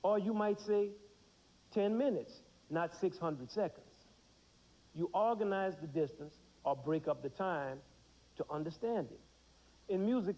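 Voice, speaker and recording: A man in his thirties teaches children about music, putting questions to the class and then answering them himself. His voice sits a little high. The sound is dull, like a 1990s TV broadcast. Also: a little mellow. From United States. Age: 30s.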